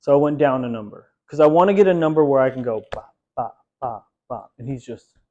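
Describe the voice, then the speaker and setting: A man's voice: medium pitch, animated, fast, warm tone, lo-fi sound, slight background noise. A man teaching a dog training lesson in a casual, chatty way, laughing often and using many fillers.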